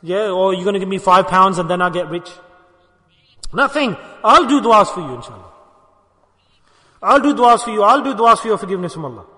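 A man preaching a sermon, animated and scolding, acting out other people's replies. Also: sits high, brisk, long pauses. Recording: reverberant hall.

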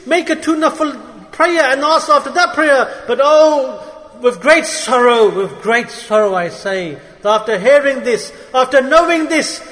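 A man's voice: extremely high pitch, lively intonation, measured pace, a bit bright, long reverb tail. A man preaching an emotional sermon to his brothers, pleading and impassioned, his voice rising and falling sharply.

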